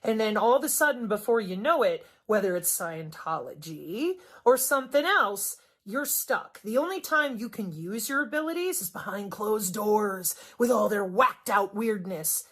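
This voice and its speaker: A woman's voice: animated, normal speed, few pauses, husky. Sarcastic, cussing Midwestern woman vlogger. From Wisconsin, US Midwest. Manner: sarcastic, cussing, emphatic swings in pitch and loudness. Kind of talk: unscripted monologue vlog.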